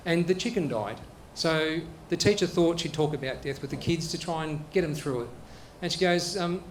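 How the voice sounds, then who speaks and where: A man's voice: fairly high pitch, moderate pace, few pauses. A man hosting a comedy show, telling jokes in a hesitant, casual way with restarts. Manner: hesitant storyteller, restarts and fillers. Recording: roomy echo, faint noise.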